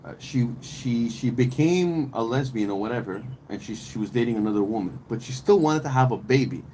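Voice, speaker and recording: A man hosts a casual podcast in a middle-pitched voice, rambling from point to point with emphatic slang and frequent swearing. He restarts sentences often as he builds his argument. A faint ambient hum sits behind him. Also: lively intonation, brisk, dark tone, low-quality recording. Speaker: podcast host. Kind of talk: casual opinionated podcast chat.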